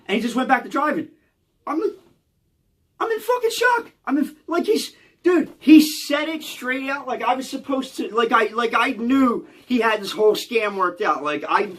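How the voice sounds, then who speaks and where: A man's voice: very high voice, animated, moderate pace, a bit bright. A man with a Philadelphia accent telling true stories from his childhood in a rambling, profane storytime monologue that keeps checking in with the listener. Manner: rambling, profane, keeps adding "you know what I mean" and "okay?".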